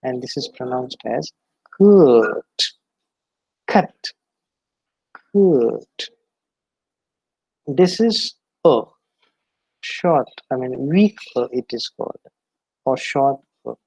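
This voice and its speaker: A man lecturing on phonetics, slowly and deliberately sounding out example words. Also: medium pitch, animated, gravelly, a little mellow, husky, no room sound, poor audio. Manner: slow, deliberate, repeats example words aloud. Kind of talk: classroom lecture on pronunciation.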